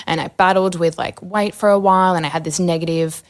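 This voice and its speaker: Young woman with a lowish chatty voice. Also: steady tone, a little fast. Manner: chatty, rambling, with lots of fillers and laughs. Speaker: podcast guest. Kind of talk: casual candid interview.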